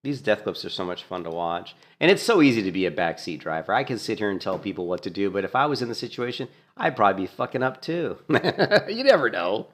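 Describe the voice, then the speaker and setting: A man casually commentating on a gameplay clip, animated and mocking, laughing often. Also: on the low side, fast. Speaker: gaming streamer.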